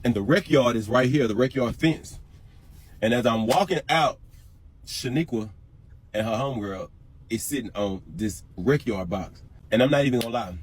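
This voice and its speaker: A man's voice: medium pitch, normal speed, a little hiss or hum. A man telling a personal prison story in an emphatic, profane, repetitive way. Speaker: storyteller in a reacted clip. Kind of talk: emotional storytelling.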